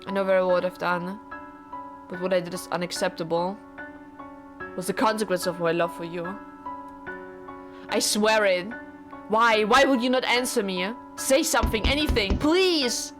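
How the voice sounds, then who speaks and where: An earnest, formal young husband pleads with his wife in stiff old-fashioned phrases, as a woman reads him aloud. His voice sits at a middling pitch. Game music plays clearly beneath the visual novel dialogue. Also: moderate pace, pauses often, lightly acted. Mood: pleading.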